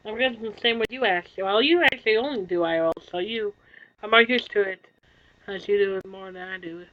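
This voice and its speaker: A tired woman streamer in casual chat, soft-spoken and apologetic, yawning now and then. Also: medium pitch, fast, lo-fi sound.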